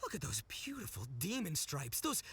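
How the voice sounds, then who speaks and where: An actor playing a smooth-talking, chummy male hustler in a video game. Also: high voice, wildly swooping pitch, fairly bright tone, full character voice. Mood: amazed. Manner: slick, chummy, fast-talking. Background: game music.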